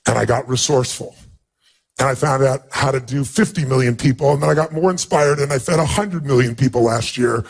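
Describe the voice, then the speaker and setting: A man's voice: mid-range voice, brisk, vocal fry. A man giving a motivational speech, telling a personal story in an earnest, emphatic way. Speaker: motivational speaker.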